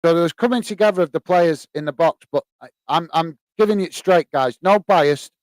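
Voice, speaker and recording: High-leaning and brisk, the man's voice comes through a dry recording. An English streamer, he hosts a live watch-along of a football match, mixing casual chat with loose, filler-heavy commentary and shouting out when goals are scored.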